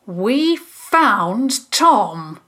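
A woman's voice: fairly high pitch, big pitch swings, very slow, bright, forceful tone, heavily acted. A woman voicing a brave older sister who speaks firmly in a storybook.

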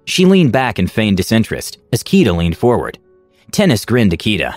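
Guy reading a fantasy story aloud, really lively pitch, dry close mic, faint music behind. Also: brisk, dry recording. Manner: expressive, animated reading. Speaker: narrator. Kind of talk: storybook narration of a fantasy tale.

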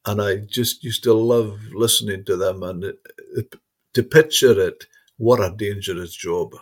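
A man's voice: on the low side, fairly even intonation, a little slow, a little mellow. A man interviewing a guest, telling rambling anecdotes with frequent restarts. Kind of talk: casual reminiscing conversation.

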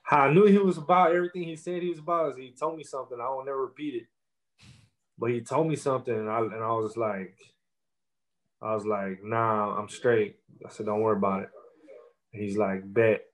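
A man's voice: mid-range voice, steady tone, brisk, rough recording. A young man, a rapper, telling his story in a casual interview in loose street slang full of fillers.

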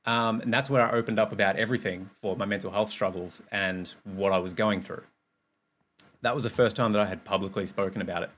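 A man's voice: on the low side, fairly even intonation, fairly quick, fairly bright tone. Candid, swearing man. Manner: candid, rambling, swears freely. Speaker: podcast host and personal trainer. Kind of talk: casual monologue, also streamed live.

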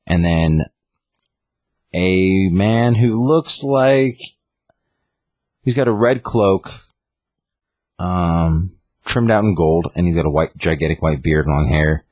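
Man, very low voice, husky, casual podcast chat, dry close recording. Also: takes it slowly, long pauses, a little mellow, dry recording. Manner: rambling, lots of fillers, reads out character lines. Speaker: comic book podcast co-host. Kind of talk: casual chat, retelling a comic story.

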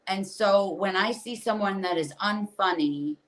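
A woman's voice: mid-range voice, measured pace, rough recording. A woman comedian, a podcast guest, talking candidly and venting with acted asides. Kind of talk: casual podcast chat.

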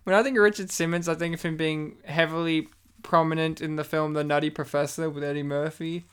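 A man co-hosting a casual movie watch-along podcast, chatty and joking with quick asides. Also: fairly high pitch, little pitch movement, smooth. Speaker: podcast co-host.

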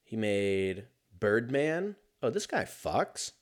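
A man's voice: on the low side, very animated, slow. A man hosting a casual solo podcast, rambling and swearing freely, mocking himself and laughing at his own jokes. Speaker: podcast host.

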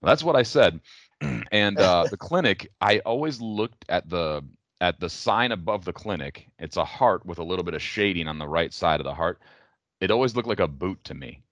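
A man co-hosting a podcast, making dry jokes in a halting, casual way. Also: sits low, animated, fairly bright tone, no room sound. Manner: dry, joking, halting with fillers. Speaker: podcast co-host. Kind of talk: casual chat about a retro game.

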